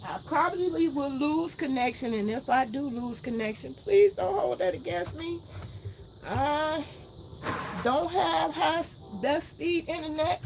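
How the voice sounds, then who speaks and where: Casual livestream host, woman, outspoken ranting, gravelly voice. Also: high voice, measured pace, noisy background. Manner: ranting, outspoken, swears freely. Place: garden outdoors, then indoors.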